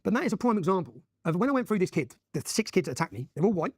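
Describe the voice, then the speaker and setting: Guest, rapid-fire emphatic storyteller, dry room. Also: male voice, sits high, sing-song, a little mellow, dry recording. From Luton, England. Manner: rapid, emphatic, keeps checking with "yeah?". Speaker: interview guest. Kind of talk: animated personal storytelling.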